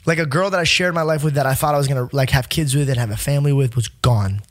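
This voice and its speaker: A young man rattles through a story at a rapid clip, animated and profane, slipping into the voices of the people he quotes. His voice sits close and dry, with no room around it. He laughs often as a podcast guest in casual chat. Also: medium pitch, no echo.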